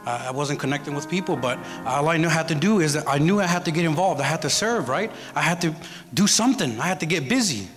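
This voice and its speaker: A man's voice: a little high, lively intonation, fast talker, fairly bright tone. A man giving a sermon as guest preacher, telling a personal story in a conversational way and often checking in with the congregation. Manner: storytelling, conversational, asks the audience "right?". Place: church hall with congregation. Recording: church hall reverb with music.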